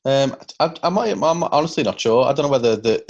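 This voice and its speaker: A man's voice: mid-range voice, fast talker, vocal fry, lo-fi sound. A man co-hosting a wrestling podcast, chatting casually, laughing often and agreeing with his partner. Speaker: podcast co-host.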